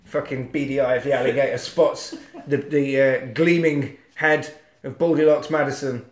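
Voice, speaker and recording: A man's voice: mid-range voice, normal speed, roomy sound. A man casually recapping a monster film on a podcast, acting out lines and sound effects with plenty of swearing. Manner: animated storyteller, acts out quotes and sound effects, swears.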